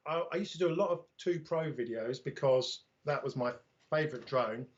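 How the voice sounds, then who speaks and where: A man's voice: mid-range voice, fairly quick, highs cut off. A man with a British accent chatting casually as a livestream guest, telling self-deprecating anecdotes about his drone channel.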